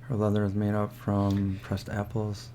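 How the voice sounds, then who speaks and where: A man's voice: on the low side, monotone, unhurried. Easygoing man hosting a live chat. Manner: easygoing, reads out questions, shouts out viewers. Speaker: host. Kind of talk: live stream chat, reading viewer questions. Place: indoors, eating lunch. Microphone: external mic.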